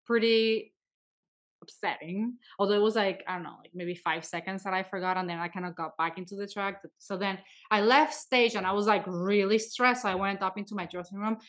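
A woman in her thirties from Venezuela, a guest dancer telling stories in casual chat, acting out quoted lines with big jumps in pitch. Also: a little fast. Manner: animated, acts out quotes with sharp jumps in pitch.

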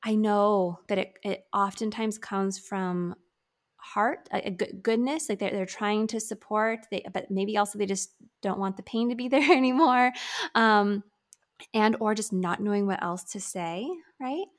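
A woman's voice: medium pitch, a little slow. A woman in her thirties talking candidly about grief in a casual conversation, with many fillers.

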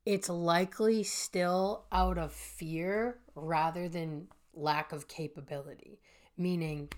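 A woman in her thirties hosting a podcast, telling a personal story and speaking earnestly and directly to her listeners. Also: lowish voice. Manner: earnest, addresses listeners directly as "you guys". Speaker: podcast host and healing coach.

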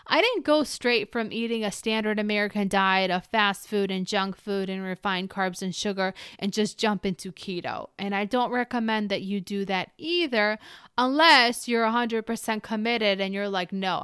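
Podcast host, woman, smooth clear voice, upbeat coaching chat, dry close mic. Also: on the high side, fairly bright tone, no room sound. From Ukrainian family. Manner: chatty and encouraging, talks straight to the listener. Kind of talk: solo podcast monologue.

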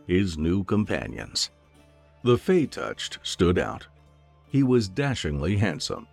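A man narrating a fantasy audiobook in an expressive storytelling manner. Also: deep voice, gravelly, slightly rough.

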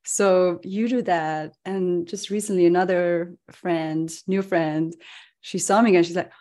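A woman hosts a relaxed podcast conversation. She talks expressively, laughs often and slips into the voices of people she quotes. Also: lowish voice, measured pace. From Netherlands. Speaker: podcast host. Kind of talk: casual conversational interview.

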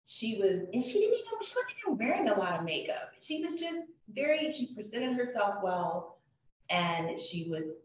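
A woman's voice: on the high side, sing-song, moderate pace. A woman guest on a podcast, recounting her past in a reflective, conversational way. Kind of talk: casual interview chat. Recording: echoey, distant, muffled podcast audio.

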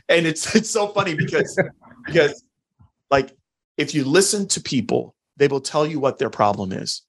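A man's voice: fairly high pitch, normal speed. A chatty male podcast host. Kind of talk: casual interview chat.

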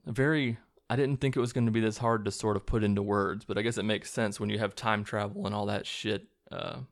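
Man, low and gravelly, rambling casual movie recap with chuckles and cussing. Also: steady tone, a little fast. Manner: rambling, chuckling, profane retelling with restarts. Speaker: movie reviewer.

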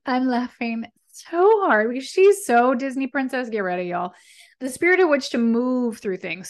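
Animated and encouraging, a fairly high-pitched tarot reader hosts her podcast as casual spiritual guidance. She frequently checks in with listeners using "right?" and "okay?" and delivers affirmations with conviction.

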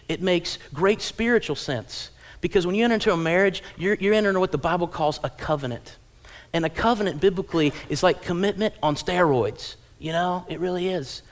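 A man in his thirties delivers a church sermon, his voice sitting a touch higher than most men's. He preaches with animated storytelling and slips into playful voices for parents and children. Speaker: pastor. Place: church auditorium.

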